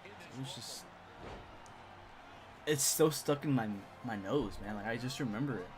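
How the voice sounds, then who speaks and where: A man's voice: mid-range voice, animated, a little slow, noisy background. A young man casually telling a funny school story on a live stream, rambling with lots of repeats and chuckles.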